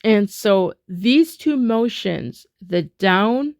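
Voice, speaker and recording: A woman's voice: medium pitch, animated, very slow, darkish tone, dry recording, studio quality. A woman teaching a music rhythm lesson in a chatty way, full of fillers, chanting rhythm syllables as she taps.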